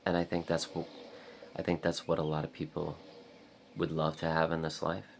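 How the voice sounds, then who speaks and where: A man's voice: a bass voice, monotone, normal speed, gravelly, slight background noise. A man telling a story in a casual vlog, rambling with lots of "like" and frequent swearing. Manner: rambling, heavy use of "like" and swearing. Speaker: vlogger.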